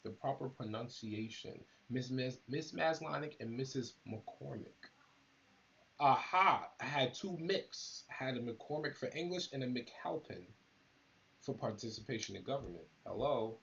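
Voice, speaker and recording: A man's voice: mid-range voice, animated, measured pace, vocal fry, fairly bright tone, muffled recording, a little hiss or hum. A man hosting a live stream, talking casually and rambling straight to his viewers. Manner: laid-back, rambling, talks straight to viewers. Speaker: battle rap channel host.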